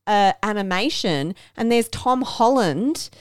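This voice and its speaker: A woman's voice: mid-range voice, smooth, dry recording, studio quality. An Australian woman co-hosting a podcast, chatting casually and ranting animatedly about things that bug her. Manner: animated, quick to laugh, exasperated rants. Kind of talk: casual chat.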